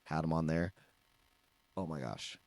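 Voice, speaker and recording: A man on a casual podcast telling an animated everyday story. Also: a bass voice, measured pace, creaky. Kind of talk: casual chat.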